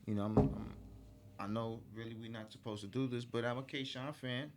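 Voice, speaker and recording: A man's voice: mid-range voice, steady tone, normal speed, noisy background. A man co-hosting a casual chat, blunt and tripping over repeated words. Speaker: podcast co-host.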